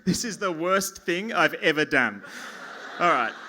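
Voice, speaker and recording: A man's voice: a little high, very animated, measured pace, bright, forceful tone, a little hiss or hum. An Australian man doing a stand-up comedy set on a pub stage, rambling and self-mocking with lots of stammering restarts. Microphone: stage mic at a lectern.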